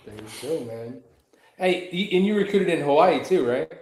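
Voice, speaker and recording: A man's voice: fairly high pitch, animated, moderate pace, a little mellow, roomy sound. A man hosting a podcast, bantering and joking with a guest in profane, casual chat. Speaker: podcast host.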